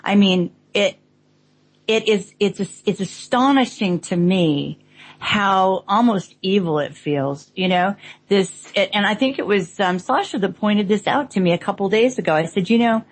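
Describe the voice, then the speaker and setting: A woman on an online roundtable, speaking earnestly in halting bursts, often restarting her sentences. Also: mid-range voice, animated, poor audio. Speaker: roundtable guest. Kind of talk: casual online roundtable chat.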